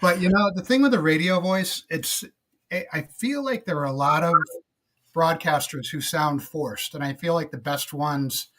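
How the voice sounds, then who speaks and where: A middle-aged man with a slightly higher-pitched voice, chatting casually as a podcast guest. His delivery is relaxed and reflective and full of little fillers. He talks like someone recalling old jobs at an easy pace. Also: moderate pace, slight background noise. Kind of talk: casual interview storytelling.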